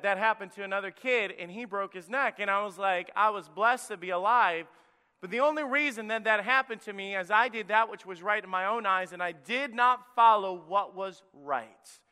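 A man preaching to children as a pastor, energetic and emphatic, dropping to a hush for key points. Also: extremely high pitch, smooth, long reverb tail. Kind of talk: children's sermon.

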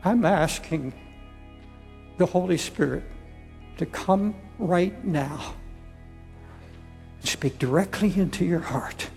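An older man preaching a sermon, pleading slowly and repeating words as he appeals to listeners. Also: sits high, vocal fry, a little mellow, big-room sound, soft background music.

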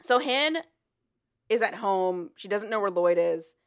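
A woman on a podcast retelling a book's plot in a casual, animated way, swearing and paraphrasing the characters. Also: medium pitch, measured pace. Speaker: podcast co-host. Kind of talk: casual chat recapping a book.

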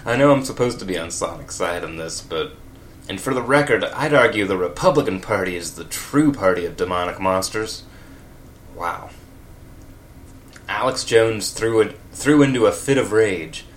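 A man's voice: on the low side, animated, moderate pace, a little hiss or hum. A man reading comedic fan fiction aloud, with wry, laughing asides. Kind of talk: comedic read-aloud with commentary.

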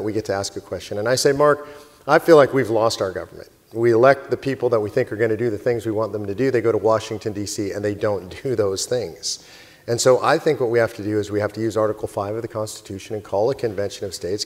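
A man and organization president telling an animated story in a speech to a live audience, laughing often as he goes. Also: fairly low pitch. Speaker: convention speaker and organization president. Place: conference hall stage. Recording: long hall reverb with faint crowd.

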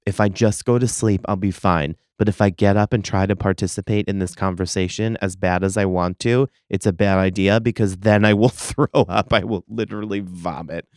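Low smooth-voiced man in his thirties, ranting. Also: fairly even intonation, moderate pace, hardly any pauses, a little mellow, no room sound, studio quality. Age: 30s. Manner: profane, dramatic complaining. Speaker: podcast host. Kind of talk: casual solo podcast storytelling.

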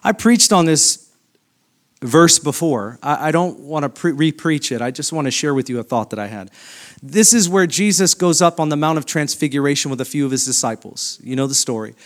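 A middle-aged man preaching a sermon as pastor, moving from quiet, reflective scripture reading to loud, high-pitched, impassioned appeals. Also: lively intonation, moderate pace.

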